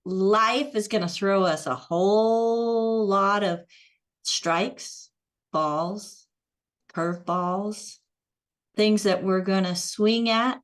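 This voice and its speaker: A woman's voice: mid-range voice, extremely slow. A woman hosting an online show, upbeat, reading out viewer comments. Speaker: host.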